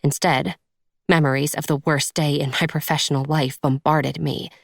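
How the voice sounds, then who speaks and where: A woman reads a first-person romance audiobook in a measured, intimate manner. Her voice is low and has a gravelly fry in it. The recording is close and dry. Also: level tone, no echo. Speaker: audiobook narrator.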